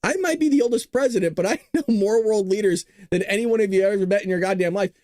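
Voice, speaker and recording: A man doing a cranky elderly president, shouting. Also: high voice, fast talker, no room sound, clean studio sound, natural voice. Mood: angry shouting. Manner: gruff, angry scolding.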